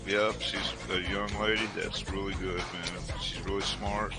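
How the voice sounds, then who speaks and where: Deep-voiced laid-back middle-aged man. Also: little pitch movement, measured pace, over music. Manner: laid-back, storytelling, laughs often. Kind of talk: casual chat.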